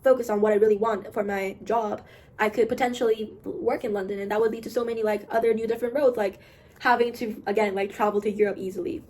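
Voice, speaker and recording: A young woman, an art student, chatting casually on her vlog in a rambling way, full of fillers and with the odd soft aside. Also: medium pitch, fairly even intonation, fast talker. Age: young adult. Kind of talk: casual chat.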